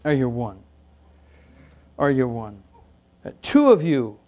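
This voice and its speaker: A man preaching a sermon, asking the congregation questions and moving between loud exclamations and quiet asides. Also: medium pitch, sing-song, slow pace. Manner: asks the congregation rhetorical questions.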